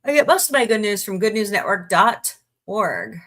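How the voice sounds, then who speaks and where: Her mid-range voice swings widely in pitch, fairly bright and at a normal speed, as this woman runs a relaxed livestream. She talks to viewers, reads out good-news stories with asides of her own, and yawns occasionally from tiredness.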